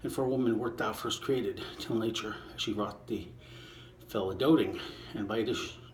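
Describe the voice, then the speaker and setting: Low-voiced man reciting sonnets casually. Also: moderate pace, slight background noise. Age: older. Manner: recites verse, then chats in a low, offhand voice. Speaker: vlogger reciting sonnets while lifting. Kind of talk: casual recitation between lifts.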